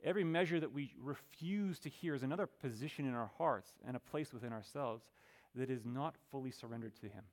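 Man preaching a sermon, emphatic. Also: medium pitch. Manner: emphatic, slows down for scripture. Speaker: pastor.

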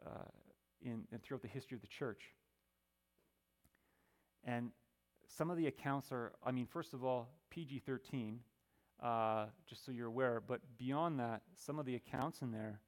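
Man preaching a sermon, emphatic. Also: mid-range voice. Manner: emphatic, slows down for scripture. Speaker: pastor.

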